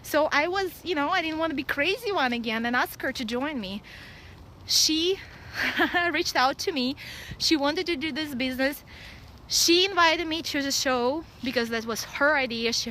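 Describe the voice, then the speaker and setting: Russian-accented woman in her 30s, high and bright, outdoor phone vlog, faint background noise. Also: low-quality recording. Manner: blunt, excitable, laughs often. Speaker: vlogger. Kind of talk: casual live vlog. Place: outdoors at a dog park.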